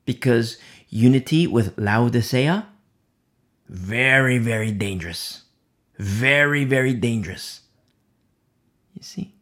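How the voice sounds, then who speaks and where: Man preaching with dramatic hushed drops. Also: medium pitch, expressive, takes it slowly, pauses often. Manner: dramatic swings from loud emphasis to hushed whispers; repeats key phrases for emphasis. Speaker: preacher leading a Bible study. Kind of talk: verse-by-verse sermon.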